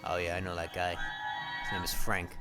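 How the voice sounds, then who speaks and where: A man doing a gruff, blunt skeleton. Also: deep voice, monotone, moderate pace, natural voice. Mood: matter-of-fact. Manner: blunt, dismissive. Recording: loud music underneath. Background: loud music.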